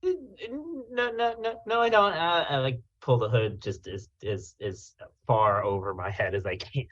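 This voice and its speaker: A man's voice: medium pitch, animated, measured pace, fairly bright tone, dull audio. A man playing in a tabletop role-playing game, stammering and repeating words as he speaks. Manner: stammering, flustered in character. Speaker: player.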